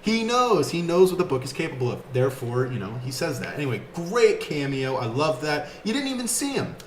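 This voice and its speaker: An excited man rambling through a casual film review, fairly high-voiced and full of fan enthusiasm. His voice rings in an echoey room with a faint hiss underneath. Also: a little fast. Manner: enthusiastic, animated fan talk with fillers.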